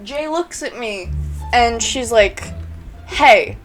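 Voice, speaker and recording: Woman vlogger, unhurried, giggly storytelling, faint music behind. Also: mid-range voice. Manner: giggly, chatty, laughs between phrases. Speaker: YouTuber. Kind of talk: storytime vlog.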